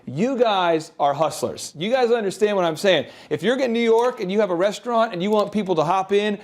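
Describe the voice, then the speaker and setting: A man from the American Midwest hosting a business show, giving animated sales advice and acting out pitches. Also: fairly quick. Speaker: host, business coach. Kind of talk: energetic business advice talk.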